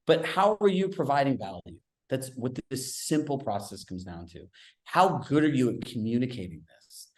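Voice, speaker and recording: A man with a medium-pitched voice acts as a real estate business coach during a live group coaching session. He tells stories in a direct, conversational way, tossing in quick asides, and the sound is roomy.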